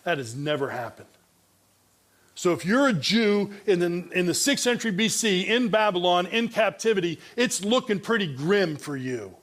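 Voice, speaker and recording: A man's voice: sits high, expressive, normal speed, a bit bright. A male pastor preaching an expository sermon, reading and comparing Bible translations, often restarting his phrases. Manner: frequent restarts and repeated words.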